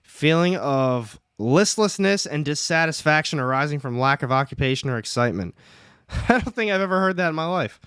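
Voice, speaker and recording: A chatty young man hosts a comics livestream, reading the chat aloud and poking fun at himself. His voice sits a bit high and comes through smooth and clear. The sound is close and dry, with no room echo. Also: lively intonation, moderate pace, a bit bright.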